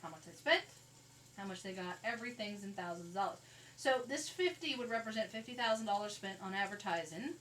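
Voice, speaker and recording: A woman's voice: medium pitch, a bit bright, far from the mic, poor audio. A woman teaching a math lesson, walking step by step through calculator keystrokes and a graph in a conversational way. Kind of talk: recorded classroom lecture. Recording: faint noise, voice a bit off-mic.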